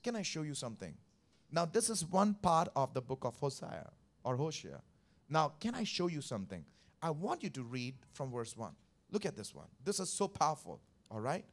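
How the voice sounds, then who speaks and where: A high-pitched man preaching a Sunday morning sermon. He is emphatic, repeats his key lines for weight and keeps asking the congregation to answer back. He walks through scripture one verse at a time. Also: sing-song, moderate pace. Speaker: pastor.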